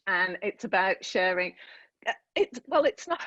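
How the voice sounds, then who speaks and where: A woman in her fifties from northern England, chatting as a podcast guest over a remote call, lively and full of restarts. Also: mid-range voice, unhurried, dry recording, muffled recording. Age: 50s. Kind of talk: casual interview chat.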